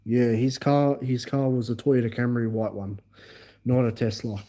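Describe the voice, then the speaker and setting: A man's voice: mid-range voice, level tone, normal speed, mellow. An Australian man from Melbourne, rambling through a personal story on a livestream, with many fillers and repeated phrases. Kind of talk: casual storytelling to viewers.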